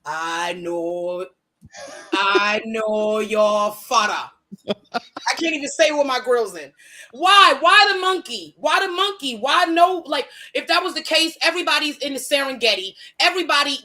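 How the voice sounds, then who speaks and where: A woman with a raised, bright, forceful voice, guesting on a casual podcast. She rants bluntly and swears heavily, with a lot of animation. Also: high voice, expressive, brisk.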